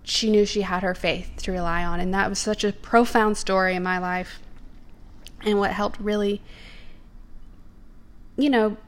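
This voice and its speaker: A woman's voice: medium pitch, fairly even intonation, a little slow, long pauses. A young woman, telling personal faith stories in an earnest, emphatic way.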